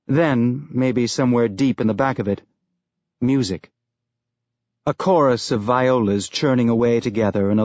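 Guy reading an audiobook, steady and measured, dry close sound, bit muffled. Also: medium pitch, dry recording. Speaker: audiobook narrator. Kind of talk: scripted narration.

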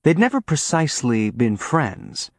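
A man narrating an audiobook in a steady, even reading voice on a close mic. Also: mid-range voice, unhurried, no room sound. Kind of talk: scripted narration.

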